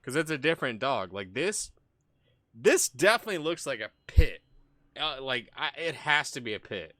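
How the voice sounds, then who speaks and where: A man's voice: mid-range voice, very animated, moderate pace, a bit bright, no echo. A man streaming casual commentary, rambling and profane with many restarts.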